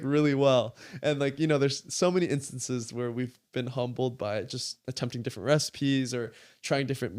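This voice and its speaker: A man telling a story in a casual interview, animated, full of "like", acting out what people said. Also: medium pitch. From California. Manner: animated, fills speech with "like", acts out quoted dialogue. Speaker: guest creator.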